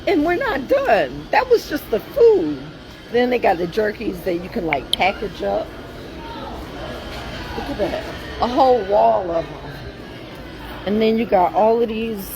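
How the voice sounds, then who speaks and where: A woman, chatting excitedly in a casual vlog while walking through a large store, laughing often. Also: on the high side, rough recording. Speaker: vlogger. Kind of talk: casual shopping vlog chat.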